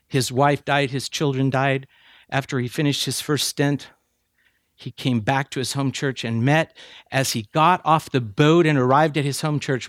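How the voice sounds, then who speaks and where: A man preaching a sermon to seminary students, emphatic and building to near shouts. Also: medium pitch, no room sound, studio quality. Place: chapel addressing seminary students.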